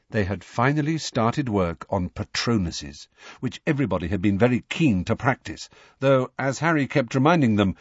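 A man reading an audiobook as narrator in an animated storytelling manner. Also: on the low side, slightly rough, no room sound. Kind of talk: scripted narration. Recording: dull lo-fi dry recording.

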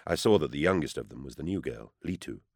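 Deep-voiced man narrating an audiobook. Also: expressive, slightly rough, dry recording. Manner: measured, tense storytelling. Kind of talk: first-person audiobook narration. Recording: dry close studio sound.

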